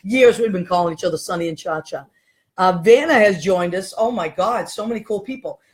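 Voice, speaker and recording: A woman from Boston hosting a casual chat show, effusive and quick to laugh. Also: mid-range voice. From Boston, Massachusetts. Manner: chatty, effusive, laughs often. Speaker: host.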